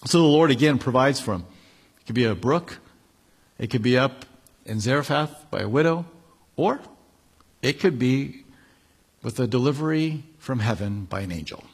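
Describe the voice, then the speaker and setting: A man's voice: medium pitch, expressive, moderate pace, long pauses, slightly rough. A man preaching a sermon, reading Bible passages and explaining them in a conversational way with casual asides. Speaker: pastor.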